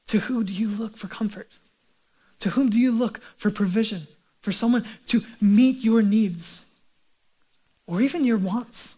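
A male pastor with a voice that sits high preaches a sermon in a conversational way, often putting rhetorical questions to his listeners.

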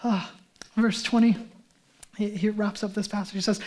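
A male pastor giving a sermon in a conversational, animated way, with casual asides. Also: high-pitched, normal speed, pauses often.

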